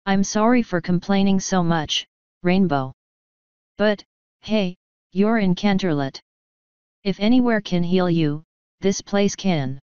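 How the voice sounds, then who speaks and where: A woman's voice: medium pitch, slow, pauses often, darkish tone, clean tone, dry recording, natural voice. A woman voicing a young male dragon, sheepish and hopeful, in a storybook reading. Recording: dull lo-fi dry recording.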